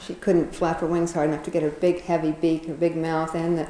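A woman's voice: low-pitched, little pitch movement, fairly quick, few pauses, echoey room, background noise. A woman casually retelling a children's fable, chatty, often laughing, with many fillers and restarts. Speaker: storyteller.

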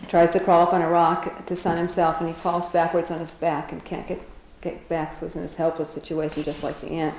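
A woman retells an animal fable in a loose, rambling way, chuckling and filling gaps with fillers. Her voice is low and mellow. The room around her is roomy and echoing, with faint noise underneath. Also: flat delivery, a little fast, few pauses. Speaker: storyteller. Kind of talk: casual storytelling. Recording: roomy echo.

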